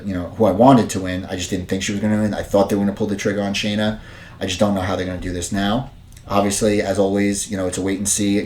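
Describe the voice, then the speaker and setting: A man's voice: on the low side, a little mellow. A man casually recapping and reviewing a show as a podcast host, rambling with many fillers and restarts. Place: dim room at home.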